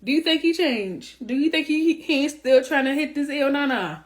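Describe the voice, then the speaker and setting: A woman in her thirties, a womb wellness coach, chatting casually and bluntly to her followers, animated with slangy asides. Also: sits high, moderate pace.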